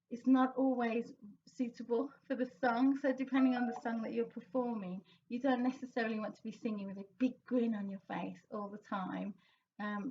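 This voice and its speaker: A high-pitched woman coaching singers in an encouraging, explanatory way and now and then singing a line to show it. Her voice is a little far from the mic, and the sound is slightly dull. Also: darkish tone. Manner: encouraging, breaks into sung demonstration lines. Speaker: vocal coach. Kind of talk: singing lesson, explaining and demonstrating.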